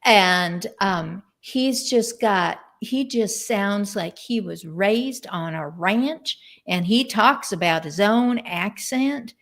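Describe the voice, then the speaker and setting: A woman hosts a relaxed live-streamed conversation over a video call, her voice at a middle pitch. She talks in a chatty, rambling way and retells stories as she goes. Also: slow pace, few pauses. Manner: chatty, retells stories by voicing what others said. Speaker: host.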